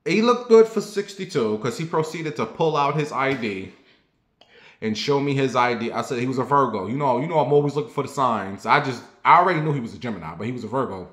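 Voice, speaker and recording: Animated male storyteller in an echoey room. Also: medium pitch. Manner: animated, quick bursts and drawn-out asides. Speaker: host. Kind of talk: comedic storytelling.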